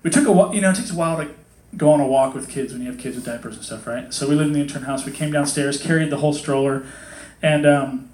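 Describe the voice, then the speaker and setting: A man preaching in a loose, conversational way, cracking jokes and slipping into the voices of the people he quotes. His voice sits a little higher than most men's. He is heard in a roomy, echoing hall. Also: fast talker, a little mellow. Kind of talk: casual sermon. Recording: echoey hall.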